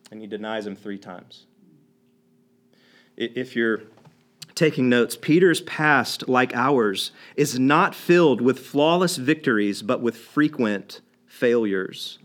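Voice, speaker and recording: A man preaching a sermon, retelling scenes with animated storytelling and acting out the quoted lines. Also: medium pitch, slow pace.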